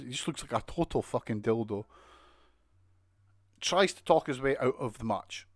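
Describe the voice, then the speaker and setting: A man's voice: medium pitch, no echo, clean studio sound. A man with a British accent giving a casual, sweary, mocking recap of a wrestling show. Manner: sweary, mocking, exasperated ranting with laughs.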